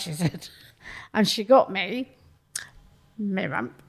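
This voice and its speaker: A woman's voice: mid-range voice, lively intonation, takes it slowly, creaky, husky. A woman, telling blunt, sweary stories as a podcast guest in a studio. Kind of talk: casual chat.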